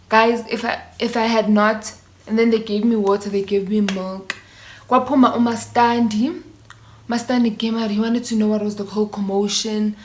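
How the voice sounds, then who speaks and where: A woman's voice: mid-range voice, a little hiss or hum. A young South African woman in her twenties telling a story to camera, casually and animatedly, mixing in Zulu slang. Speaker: vlogger. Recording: echoey room.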